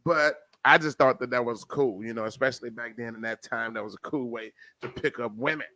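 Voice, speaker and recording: A man with a New Jersey accent hosting a casual podcast, addressing listeners as family and swinging between loud and soft. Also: medium pitch, a little fast, no room sound. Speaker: podcast host.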